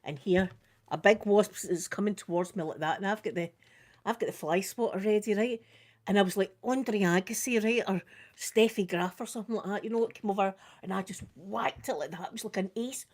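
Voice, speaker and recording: A little fast and mid-range in pitch, an older woman from Scotland chats casually through a live makeup stream. As a vlogger and animated storyteller, she acts out the screams and quotes in her tales.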